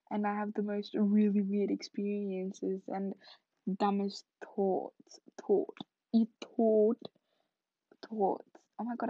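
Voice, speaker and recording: A woman's voice: a little high, gravelly, dry recording. A tired young woman hosting her own podcast, telling a story in a rambling casual way full of fillers, sometimes dropping to a whisper. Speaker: podcast host. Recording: muffled lo-fi recording.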